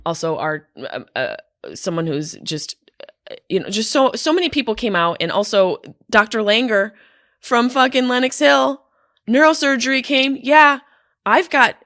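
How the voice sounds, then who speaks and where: A woman comedian telling stories in casual chat, candid and profane, full of quick asides. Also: a little high, expressive, fairly bright tone, no room sound, studio quality. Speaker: comedian and podcast guest. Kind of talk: casual storytelling. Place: hotel room.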